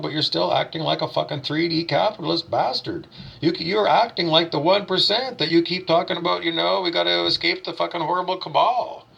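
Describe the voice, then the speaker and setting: Gravelly, husky man ranting profanely. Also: high voice, fairly bright tone. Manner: blunt, profane, preachy, asks and answers his own questions. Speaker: self-styled spiritual teacher. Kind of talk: ranting vlog monologue.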